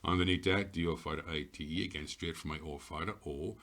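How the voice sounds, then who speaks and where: A man's voice: a bass voice, fairly even intonation, quick pace, a bit bright. A man, teaching pronunciation, methodically sounding out words and spelling them letter by letter. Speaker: Irish language teacher. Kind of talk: pronunciation lesson narration.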